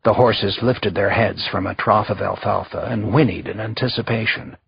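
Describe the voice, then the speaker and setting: A man reading a historical thriller audiobook in a steady, measured narration. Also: on the low side, gravelly, husky, dry recording, highs cut off. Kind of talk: scripted narration.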